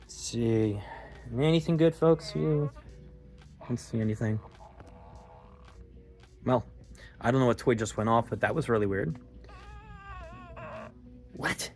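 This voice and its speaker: A young man with a Philadelphia accent, chatting excitedly as he walks store aisles and films on his phone. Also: mid-range voice, unhurried, pauses often, faint music behind. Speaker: vlog host. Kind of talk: casual walk-through vlog.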